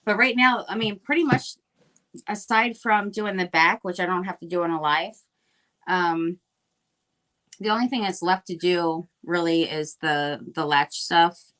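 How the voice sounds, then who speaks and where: A woman's voice: on the low side, unhurried, a bit bright. Chatty woman crafting on a livestream. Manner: chatty and rambling, with many fillers and restarts. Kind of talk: casual chat while crafting live.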